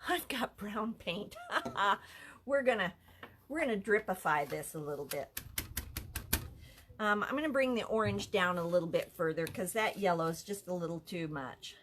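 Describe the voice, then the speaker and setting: A woman's voice: medium pitch, animated, moderate pace, a bit bright, slight background noise. A woman leading a live craft lesson from an art center office, chatty and easily amused. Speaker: art instructor.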